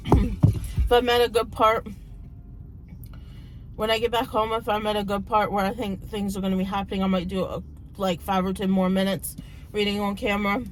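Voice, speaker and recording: A woman in her thirties, a book vlogger, chatting casually and retelling a plot in a rambling way, her voice a little hoarse from talking so much. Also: mid-range voice, little pitch movement, moderate pace, long pauses, low-quality recording. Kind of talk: casual book vlog chat.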